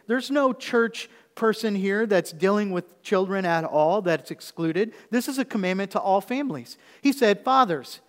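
A male pastor in his thirties preaching a sermon in a church, often asking the congregation questions. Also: high voice. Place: church sanctuary. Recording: reverberant church hall.

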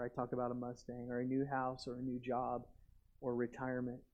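A man preaching a sermon as pastor, earnest and conversational, with animated asides. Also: mid-range voice, a little fast. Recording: dull lo-fi recording.

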